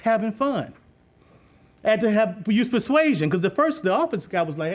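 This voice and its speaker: A middle-aged man with a high voice tells a story from coaching youth football. He is animated, laughs often and acts out the voices of the people in his story. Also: quick pace. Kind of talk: storytelling talk on leadership.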